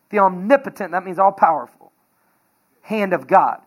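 A man preaching a sermon as pastor, energetic and conversational, telling everyday stories with laughter. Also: high-pitched, moderate pace.

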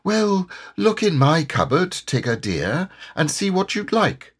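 A man's voice: medium pitch, slow, pitched above the performer's own voice. A man voicing a kind, motherly female kangaroo in a storybook reading. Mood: kindly.

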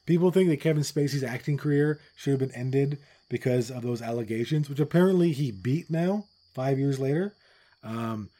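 Blunt, profane man with a dark voice. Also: medium pitch. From Newfoundland, Canada. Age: middle-aged. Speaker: podcast co-host. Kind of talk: casual chat.

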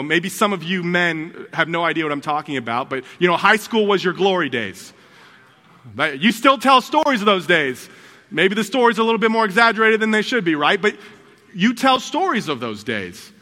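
A high, bright male pastor delivering a sermon in a lively, conversational way, with playful asides. His voice rises and falls widely, and a long church-hall reverb trails each phrase.

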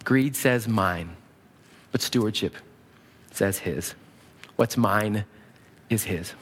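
A man preaching a sermon as a pastor, animated and acting out quoted prayers in a raised voice. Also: lowish voice, slow, husky.

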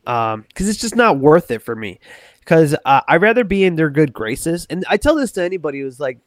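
A man's voice: a little high, very animated, brisk, no echo, studio quality. A man talking as a guest on a podcast, rambling casually with many restarts and self-corrections. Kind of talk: casual chat.

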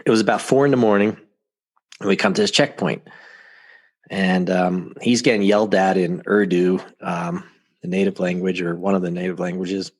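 Low-voiced man telling a story. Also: normal speed. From United States. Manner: animated, laughs often while telling anecdotes. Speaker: podcast guest. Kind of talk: casual storytelling.

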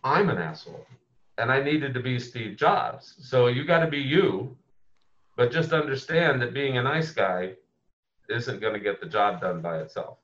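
A man's voice: medium pitch, animated, normal speed, a bit bright, natural voice. A man playing a blunt, proudly abrasive male tech visionary who talks in an emphatic, combative way and swears freely. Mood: defiant. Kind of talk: comedic impression interview. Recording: muffled lo-fi audio.

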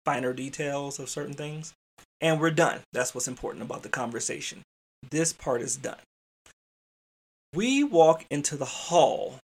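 A man hosting a podcast, telling a work story in a casual, chatty way and talking straight to his listeners. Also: mid-range voice. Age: adult father. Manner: chatty, addresses listeners as y'all, mild swearing. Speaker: podcast host.

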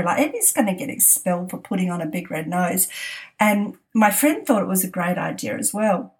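A woman's voice: mid-range voice, normal speed. A middle-aged woman telling a family anecdote on a podcast, laughing often and acting out the quotes. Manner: laughs often while telling, animated quoting. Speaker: podcast storyteller. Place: at home desk.

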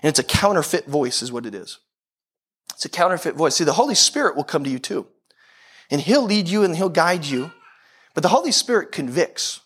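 A man with a high speaking voice gives a sermon in a loose, conversational manner. He often repeats his phrases to press a point home. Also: expressive, brisk, a bit bright, slightly rough. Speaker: pastor.

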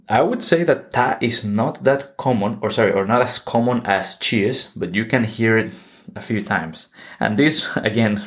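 Lower-voiced man teaching English slang. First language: not English. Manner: explains slowly and patiently, with frequent restarts and self-corrections. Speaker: English teacher and podcast host. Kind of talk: podcast language lesson.

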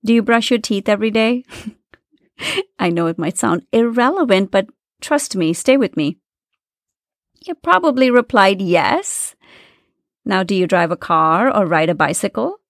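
A woman's voice: medium pitch, sing-song, normal speed, no echo, studio quality. A woman hosting a self-help podcast, talking directly to listeners in an earnest, coaching way. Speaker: podcast host.

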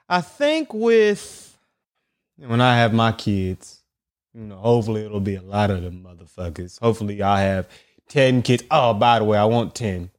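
A young man hosting a podcast, telling a story in an animated, profane, slang-heavy solo rant. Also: on the low side, unhurried. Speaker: podcast host.

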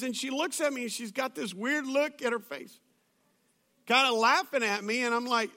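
A pastor preaches a sermon to an audience in a church auditorium, his voice high, bright, sharp, and ringing, at normal speed. He tells stories with easy humor, using plenty of fillers and restarts.

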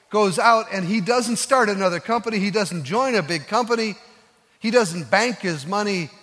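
Male pastor, sermon, earnest storyteller with slow soft emphases, high voice, church reverb. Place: church sanctuary.

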